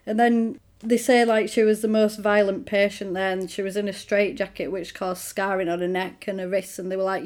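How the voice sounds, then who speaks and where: A woman's voice: medium pitch, fairly quick, few pauses. Woman animatedly retelling a film plot. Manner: animated, acts out characters' lines in quoted voices.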